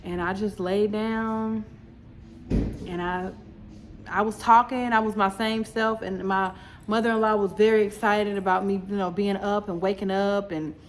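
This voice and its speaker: A woman telling her story in a chatty, animated home vlog, talking straight to her viewers. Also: mid-range voice, measured pace, slight background noise. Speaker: vlogger. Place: home, indoors.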